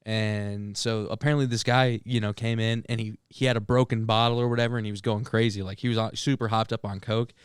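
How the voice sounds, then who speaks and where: A young man, a podcast co-host, telling a story in casual chat among friends, animated, with filler words and swearing. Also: on the low side, fairly quick, few pauses, clear, resonant tone, dry recording, clean studio sound.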